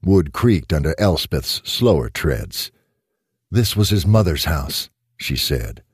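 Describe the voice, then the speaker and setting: A man narrating a short story in an expressive audiobook style. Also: rumbling low, slow pace, slightly rough, dry recording, studio quality.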